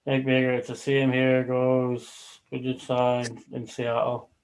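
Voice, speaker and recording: A man's voice: mid-range voice, completely flat delivery, unhurried, a little mellow, low-quality recording. A man hosting a casual livestream chat, rambling between topics and swearing casually. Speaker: livestream host.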